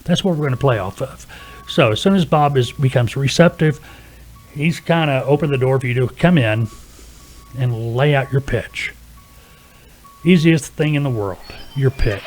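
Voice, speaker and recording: Male trainer, mid-pitched, plain-spoken, walks the listener through cold-calling step by step. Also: moderate pace, a little mellow, faint music behind. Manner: plain-spoken, coaching, peppered with "okay". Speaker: freight broker trainer. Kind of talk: instructional talk to camera.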